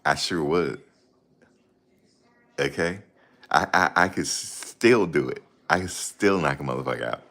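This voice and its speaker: A man's voice: rumbling low, a little slow, long pauses, fairly bright tone, heavily acted. A man doing an impression of a stammering, boastful retired boxer who repeats his words. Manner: stuttering repeated "I"s.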